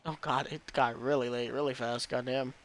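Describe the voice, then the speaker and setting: A man's voice: mid-range voice, steady tone, moderate pace, a bit bright. A man streaming a game, commenting casually with some swearing. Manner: casual, swears, reads game text aloud. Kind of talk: let's play commentary. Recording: noisy recording.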